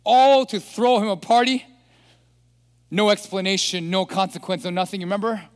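A man preaching a sermon as pastor, animated and throwing rhetorical questions at the congregation. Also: high-pitched, moderate pace. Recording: long hall reverb.

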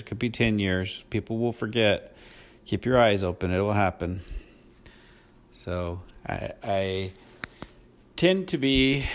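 A middle-aged man hosting his own podcast, talking in a rambling, profane, self-deprecating casual monologue. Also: fairly low pitch. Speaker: podcast host.

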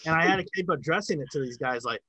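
A man's voice: a little high, lively intonation, fast, sharp tone, poor audio. Rambling man swearing casually. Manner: rambling, heavy filler words and swearing. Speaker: film sound crew member telling a story. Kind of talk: casual chat.

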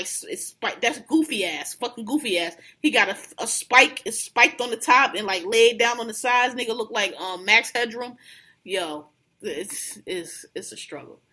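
A woman co-hosting a podcast in casual chat, telling animated, profane stories, laughing often and mocking others with imitations. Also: fairly high pitch, husky. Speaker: podcast co-host.

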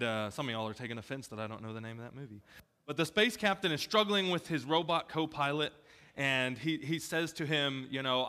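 Male preacher, casual and talky, bright tone, wanders into funny asides. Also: medium pitch. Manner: chatty, self-deprecating asides. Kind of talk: casual sermon. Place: church gym.

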